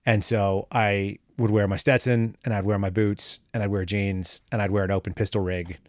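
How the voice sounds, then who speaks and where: Interview guest, male, lower register, dry close mic; chatty and wry, filler-heavy storyteller. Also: flat delivery, normal speed, a little mellow, dry recording. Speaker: guest, former government analyst.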